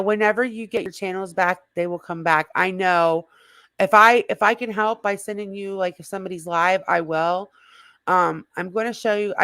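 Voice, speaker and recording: A slightly hoarse woman hosting a casual livestream, rambling and greeting viewers in the chat by name. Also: fairly low pitch, fairly bright tone, dry recording. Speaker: livestream host.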